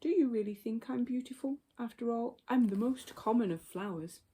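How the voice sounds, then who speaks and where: A woman's voice: a little high, moderate pace, pitched above the performer's own voice, natural voice. A woman reading a modest little dandelion. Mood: shy. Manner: modest, soft. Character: small scruffy dandelion, modest and wilting.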